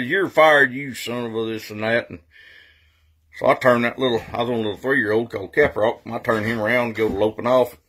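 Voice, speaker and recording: A middle-aged man spins a casual ranch story. His voice sits a little low, and his telling is folksy and dryly funny. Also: a bit bright, slightly rough. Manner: folksy cowboy yarn-spinning with dry humor.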